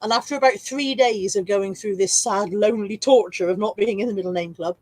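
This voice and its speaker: A woman's voice: mid-range voice, a little fast, darkish tone, no echo. A woman in her forties from England, chatting casually on a livestream, reading out viewer comments, self-mocking and laughing often. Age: 40s. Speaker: reseller livestream host.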